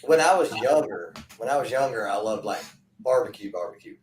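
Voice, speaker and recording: A man's voice: mid-range voice, a little fast, roomy sound, slight background noise. A man in casual chat who tells stories animatedly. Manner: animated storyteller, acts out quotes. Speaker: podcast co-host.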